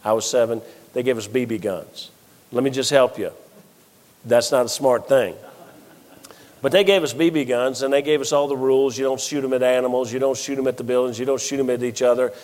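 A middle-aged man preaching a sermon, telling funny family stories with animated delivery and acting out the voices of the people he quotes. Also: mid-range voice, a little fast. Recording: long reverb of a large hall.

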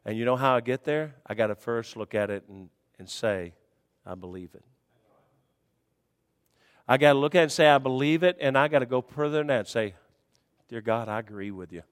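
A man preaching a sermon in a folksy, conversational way, dropping to quiet murmurs and rising to high shouts. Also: fast talker, clean tone, in a large hall.

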